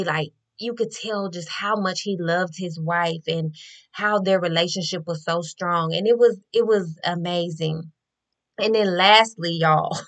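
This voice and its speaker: A young woman, a nurse, telling a story to her viewers in a chatty, animated way. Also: lowish voice. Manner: animated, chatty, addresses listeners as y'all.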